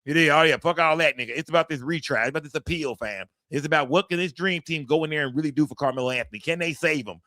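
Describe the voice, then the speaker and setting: A man's voice: a little high, fast, few pauses, bright, forceful tone, no room sound, studio quality. A man hosting a livestream, giving blunt, profane commentary and talking straight to his chat. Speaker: livestream host.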